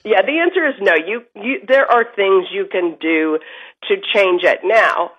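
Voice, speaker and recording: A woman's voice: medium pitch, measured pace, fairly bright tone. A woman parenting guest giving emphatic, upbeat advice as a remote guest on a morning TV show. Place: Dallas. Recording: lo-fi remote line.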